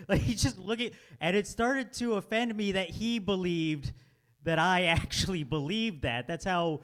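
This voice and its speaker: A man's voice: high voice, unhurried, a bit bright. A man doing stand-up at an open mic, telling a long story and laughing at his own lines. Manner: laughs through his own story, drops to mutters for quotes. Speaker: stand-up comedian.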